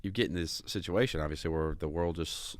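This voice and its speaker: Deep-voiced, jokey man on a podcast. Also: a little fast. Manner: jokey, filler-heavy, says "right?" a lot. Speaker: podcast co-host. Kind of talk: casual podcast chat.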